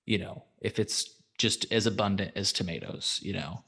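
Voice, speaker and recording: A man's voice: deep voice, normal speed, gravelly, pushed and bright, slightly rough. A man hosting a podcast in casual chat, laid-back, swearing freely and filling with "um" and "like". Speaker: podcast host.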